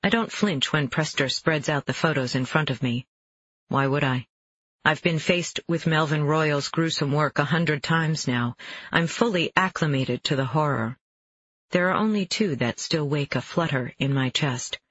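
A man narrating a first-person novel in a measured, even storytelling voice, on a dull, dry recording. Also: a little high, slightly rough, no room sound. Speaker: audiobook narrator.

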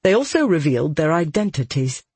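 A narrator reading a fantasy audiobook in a steady, measured way. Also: mid-range voice, breathy edge, dry recording.

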